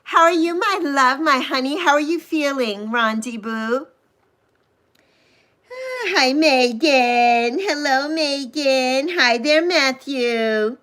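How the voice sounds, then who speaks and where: A woman in her sixties hosting a casual livestream, chatting with viewers and gushing over them with drawn-out coos. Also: high-pitched, fairly bright tone. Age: 60s. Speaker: livestream host. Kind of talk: casual livestream chat reading viewer comments.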